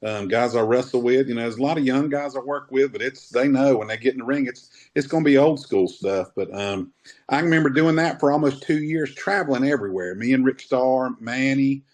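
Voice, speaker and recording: A man in his fifties, a wrestler telling old stories in a relaxed, rambling way during an interview. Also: mid-range voice, brisk. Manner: rambling, laid-back, says man often. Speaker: wrestler guest. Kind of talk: casual interview storytelling.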